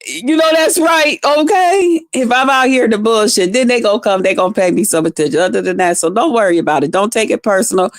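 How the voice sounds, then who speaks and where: A woman's voice: fairly high pitch, fast, few pauses, no echo, clean studio sound. Profane, ranting woman vlogger. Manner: profane, animated, laughing, talks straight to viewers. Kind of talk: casual ranting monologue to viewers.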